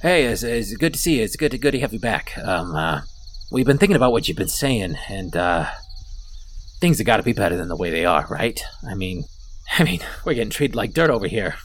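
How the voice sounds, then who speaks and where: A man doing a weary, low-voiced kobold leader. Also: sing-song, fairly quick, fairly bright tone, slight background noise. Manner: rambling, low and hesitant. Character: weary male kobold camp leader, downtrodden.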